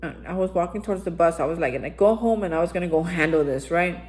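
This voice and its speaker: A woman's voice: on the low side, fast, darkish tone, low-quality recording. A woman hosting daily recovery reflections, telling her own story in a candid, conversational way and speaking straight to her listeners.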